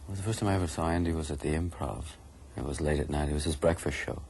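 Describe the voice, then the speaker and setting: A man's voice: rumbling low, fast talker, gravelly, darkish tone, slight background noise. A man reminiscing in an interview, reflective and sometimes emphatic.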